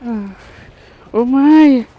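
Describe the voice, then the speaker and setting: Excitable high-voiced man shouting while fishing. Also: very slow, no room sound, dull audio. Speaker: fishing vlogger. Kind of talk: live fishing commentary.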